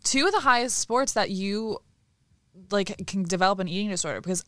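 Young woman with expressive reactions. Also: mid-range voice, no room sound. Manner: expressive reactions, quick opinionated asides. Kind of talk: casual chat.

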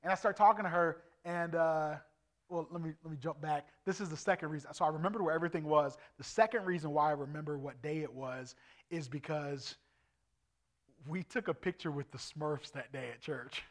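A man's voice: a little high, brisk. A man in his forties, an evangelist, preaching his personal testimony at a church service with earnest storytelling and acted-out dialogue. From Indiana, USA. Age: 40s.

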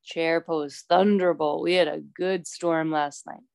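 A woman teaching a yoga class, calmly cueing poses and breaths with chatty asides. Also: low-pitched, measured pace, creaky, no room sound. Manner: calm, instructive, chatty asides.

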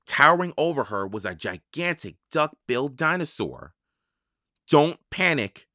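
A storyteller slowly and expressively narrating a children's audiobook. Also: medium pitch, sing-song, bright, forceful tone, no echo, clean studio sound. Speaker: audiobook reader.

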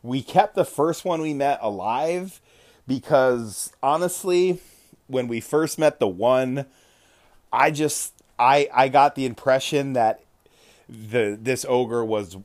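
Slow, profane man recounting a game. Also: mid-range voice, a little mellow. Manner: swears freely, self-correcting. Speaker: podcast host recounting a tabletop game. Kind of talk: casual storytelling.

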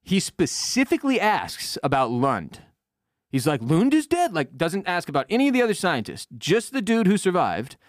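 A man's voice: on the high side, normal speed, dry recording, clean studio sound. A man co-hosting a podcast, recapping a TV episode in casual chat and acting out lines from it. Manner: animated, acts out quotes in put-on voices. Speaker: podcast co-host.

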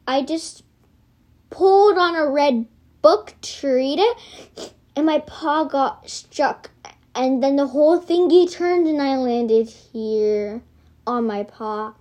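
A whiny, ever-hungry young tomcat from a storybook, as a woman reads him out. He sounds puzzled and whining, his voice set a little high. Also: slow, darkish tone.

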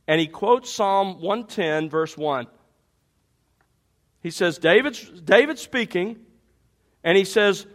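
A man's voice: sits high, expressive, slow, a bit bright. A man preaching a sermon, teaching through a Bible passage with emphatic rhetorical questions. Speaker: pastor.

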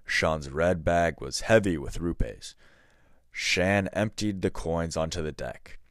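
A man hosting a storytelling podcast, reading the tale aloud in scripted narration, measured and steady. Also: low-pitched, dry recording, clean studio sound.

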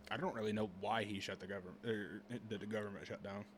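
A young man co-hosting a casual podcast, laid-back and quick with a joke, laughing often. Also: on the low side, fairly even intonation, a little hiss or hum. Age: young adult. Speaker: podcast co-host.

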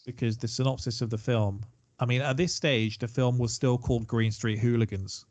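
A man's voice: medium pitch, steady tone, moderate pace, a little mellow, dry recording, dull audio. A man co-hosting a casual film chat, chatty and digressive, given to self-deprecating asides. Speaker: podcast co-host.

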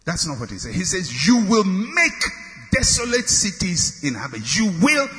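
Male preacher, sermon, high lively voice, call-and-response, emphatic repeated declarations, reverberant hall. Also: moderate pace. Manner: repetitive declarations building to shouts.

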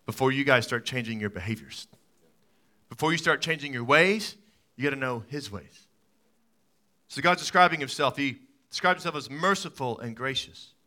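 A man in his thirties delivers a sermon with a very bright, forceful edge to his slightly high voice. He tells stories animatedly, climbing to loud peaks and then dropping to hushed, gentle passages. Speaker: pastor.

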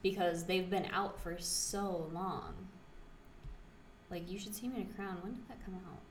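A young woman in casual chat, telling stories in an animated way and acting out what people said. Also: fairly low pitch, moderate pace. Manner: animated storyteller, acts out quotes. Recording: echoey room with faint noise.

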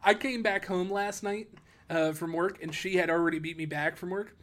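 Man co-hosting a podcast, high-pitched voice, joking, laughs often. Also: fairly even intonation, normal speed, a bit bright. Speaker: podcast co-host. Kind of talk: casual chat.

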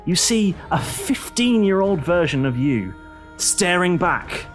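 A man's voice: high voice, big pitch swings, slow pace, soft background music. A man acting as game master, telling the story to the players in the second person with a dramatic storyteller's delivery. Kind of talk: dramatic tabletop narration.

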